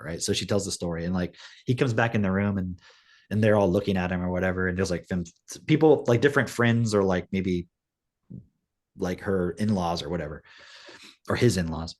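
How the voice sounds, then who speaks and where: Man, lowish voice, casual podcast chat, rambling storyteller, lots of "like". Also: a little fast. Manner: rambling storytelling, heavy use of "like". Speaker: podcast co-host.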